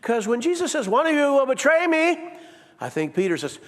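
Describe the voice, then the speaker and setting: A man preaching a sermon in a church, animated and playful, acting out quotes with big swings in his voice. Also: very high voice, normal speed. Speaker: pastor. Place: church sanctuary. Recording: long reverb of a church hall.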